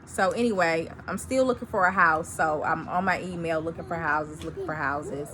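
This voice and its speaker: A woman vlogging at home in casual chat, telling an excited story and acting out her own quoted dialogue. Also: deep voice, moderate pace, crowd noise.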